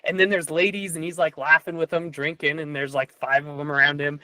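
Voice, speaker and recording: An animated man talking on a podcast, his voice sitting somewhat high for a man. He retells a story with frequent fillers and restarts. The sound is close and dry, with no room around it. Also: fairly quick, no room sound, poor audio. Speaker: podcast guest or host. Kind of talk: casual podcast conversation with storytelling.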